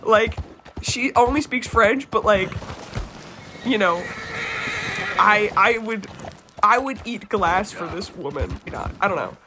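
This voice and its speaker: A woman's voice: medium pitch, slow, pauses often, very noisy. A young American woman streaming a game, telling a rambling story with lots of fillers and casual swearing. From United States. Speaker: gaming streamer. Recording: game sounds and hoofbeats under the voice.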